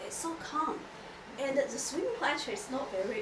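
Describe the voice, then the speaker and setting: A woman with a high voice shares a personal testimony, halting and restarting often as she searches for words. Her voice is caught from across an echoey room, with steady noise underneath. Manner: halting, emotional, many restarts. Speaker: church member giving testimony. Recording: echoey room, mic far off, noisy.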